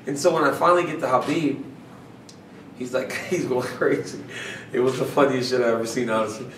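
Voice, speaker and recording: Animated man telling a story, roomy room. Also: medium pitch, fast, far from the mic, slight background noise. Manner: animated, laughing, acts out quotes. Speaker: fighter being interviewed. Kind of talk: casual storytelling in a media scrum.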